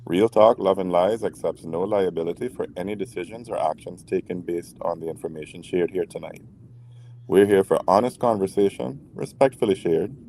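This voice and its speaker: A man's voice: sits low, dark tone, a little hiss or hum. A man co-hosting a late-night relationship talk show, playful and prone to stammering restarts, still getting over a cold. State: recovering from a cold. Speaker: podcast co-host.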